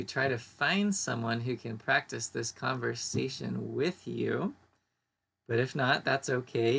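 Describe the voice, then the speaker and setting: A man teaching an English pronunciation lesson, saying each word slowly and carefully twice. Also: mid-range voice, creaky, fairly bright tone, husky. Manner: slow, deliberate modeling of each word twice.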